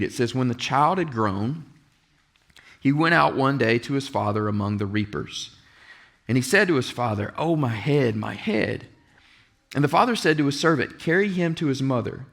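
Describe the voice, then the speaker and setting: A man's voice: medium pitch, lively intonation, normal speed, creaky, fairly bright tone. A man preaching to his congregation in a church sanctuary. He reads scripture aloud and slips into the voices of the people in the story. His delivery is earnest throughout. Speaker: pastor. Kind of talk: sermon.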